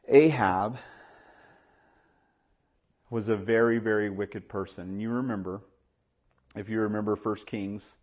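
Pastor guy with a lowish voice, preaching, tells stories and acts out the lines, lots of "you know". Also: fairly even intonation, a little slow, pauses often. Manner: storytelling, acts out dialogue, rises loud and high when stressing points; many fillers like "you know". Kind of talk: sermon.

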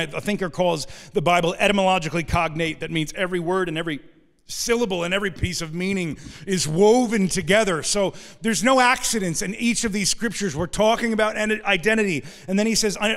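A male pastor preaches with a high-pitched voice in a church sanctuary. He drives his points with loud, rising emphasis, then drops into quiet low asides and wry humor. A long reverb from the room trails each phrase. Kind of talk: sermon.

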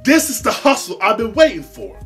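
A host giving casual reaction commentary in an animated way, laughing often, repeating words and using heavy slang. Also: mid-range voice, brisk, loud music behind the voice.

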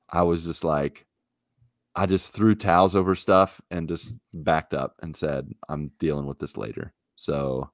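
A man with a very deep, low voice tells a story in an animated, exasperated way. It is a casual podcast chat on a podcast mic. The sound is dry and close. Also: no echo. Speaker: podcast co-host.

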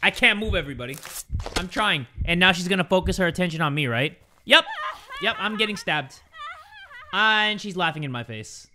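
A young man giving excitable let's play commentary on a game, breaking into shouts and yelps. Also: high-pitched, moderate pace, noisy background. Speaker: gaming YouTuber.

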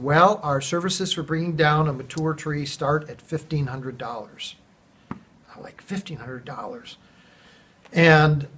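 A man, a church planter, telling a personal testimony in a casual, animated way, acting out quoted dialogue. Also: fairly high pitch, husky. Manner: conversational, animated retelling with quoted dialogue and restarts. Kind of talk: casual spoken testimony storytelling.

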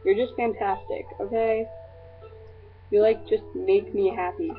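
A woman's voice: medium pitch, fairly even intonation, unhurried, soft background music. A teenage girl vlogging casually to her friends, gushing and rambling with lots of fillers. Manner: gushing, scattered, filler-heavy. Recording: tinny lo-fi webcam audio.

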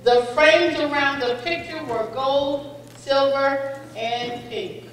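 Woman reading out spelling words slow n clear, kinda high voice, big echoey hall, mic far off, faint crowd. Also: a little hiss or hum. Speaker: spelling bee pronouncer. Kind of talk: reading words, definitions and example sentences. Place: school gym or hall.

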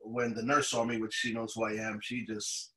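A man excitedly telling a personal story on a video call, often laughing as he talks. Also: fairly low pitch, moderate pace. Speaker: guest sharing a testimonial. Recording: echoey room over video call.

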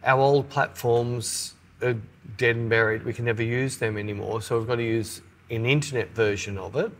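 A man's voice: mid-range voice, normal speed, a little hiss or hum. A man in middle age talks over a podcast in an easy, conversational way. He tells stories with animation, dropping into little voices for the people he quotes. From Australia. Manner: animated storyteller, acts out quotes. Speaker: podcast co-host. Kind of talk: casual chat.

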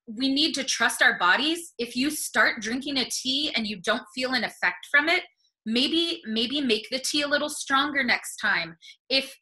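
A woman's voice: sits high, bright, forceful tone, rough recording. A woman speaking earnestly and encouragingly on a video call webinar, getting emotional as she talks. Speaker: panelist on plant medicine. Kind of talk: webinar talk.

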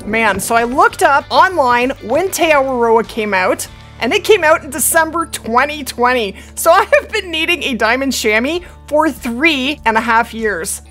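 A woman's voice: high voice, animated, moderate pace, fairly bright tone, soft background music. A woman hosting a gaming channel, chatting through a hunting game and thinking aloud to her viewers. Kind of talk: hunting game play commentary.

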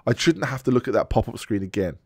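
A man's voice: mid-range voice, lively intonation, quick pace, a little mellow, breathy edge, dry recording, clean studio sound. A man hosting a podcast in casual chat, ranting bluntly and swearing freely. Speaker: podcast host.

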